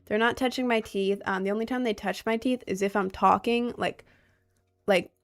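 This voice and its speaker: A woman's voice: mid-range voice, normal speed, faint music behind. Chatty young woman streamer. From United States. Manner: rambling, filler-heavy storytelling with lively outbursts. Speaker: live streamer. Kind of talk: casual chat, reading viewer comments. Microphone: desk mic, sometimes leaning close.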